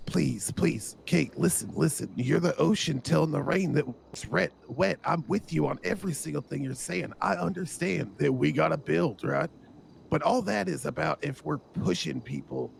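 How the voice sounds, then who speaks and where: A man's voice: fairly high pitch, lively intonation, moderate pace, creaky, slight background noise. A man speaking in character in a gang roleplay, urgent and insistent, swearing often and pressing his point.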